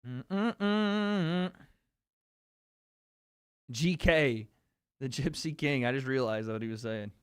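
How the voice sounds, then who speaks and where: A man hosts a casual livestream, joking, swearing and tossing quick asides to his chat. His medium-pitched, fairly bright voice comes through a streaming microphone with clean studio sound and no room noise.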